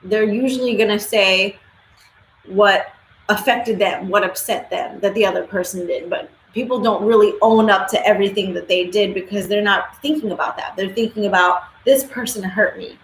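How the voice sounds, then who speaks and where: A woman's voice: medium pitch, steady tone, normal speed, a little hiss or hum. Blunt, swearing woman streamer, echoey room. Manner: blunt, opinionated, swears freely. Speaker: livestream host. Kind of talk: casual live-stream commentary. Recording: echoey room with faint ambience.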